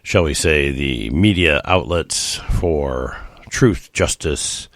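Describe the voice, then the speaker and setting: A man's voice: very deep voice, slow, no echo, studio quality. A middle-aged man hosting a casual solo podcast, rambling and chuckling with lots of fillers. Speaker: podcast host.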